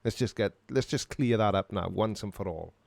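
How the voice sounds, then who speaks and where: Dry, sarcastic man, low voice. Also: moderate pace, vocal fry, darkish tone, no echo. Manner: dry, sarcastic, self-mocking. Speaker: live stream host. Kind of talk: casual live Q&A chat.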